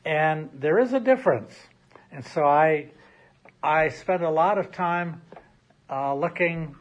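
A male pastor gives a recorded sermon to an empty sanctuary, speaking easily and often restarting his sentences. His voice sits a little high. The recording sounds somewhat dull and lo-fi. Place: church sanctuary with empty chairs. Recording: slightly muffled recording.

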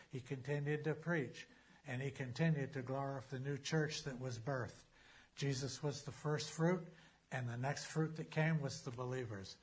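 A man preaching a sermon as a pastor, emphatic, slowing down to read scripture aloud. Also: medium pitch, breathy edge.

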